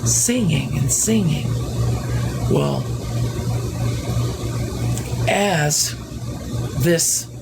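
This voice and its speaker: A woman's voice: low voice, lively intonation, gravelly, heavy background noise. A woman telling a story in a casual, wondering way, often restarting her sentences. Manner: slow, wondering, full of restarts.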